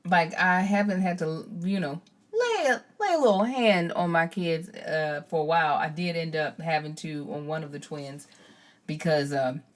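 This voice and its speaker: A woman's voice: low voice, moderate pace. A woman hosting a podcast, chatting casually about her kids and acting out how she scolds them. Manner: animated storytelling, acts out her own scolding. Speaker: podcast host. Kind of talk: casual chat.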